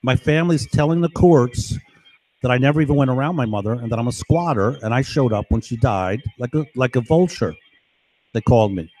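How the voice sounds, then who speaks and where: A man's voice: medium pitch, animated, a little fast, a little mellow, dry recording. A middle-aged man from New York, rambling through a long monologue, often tossing in "right?" and "you know?". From New York, United States. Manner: meandering, keeps asking "right?" and "you know?"; acts out overheard voices in his story.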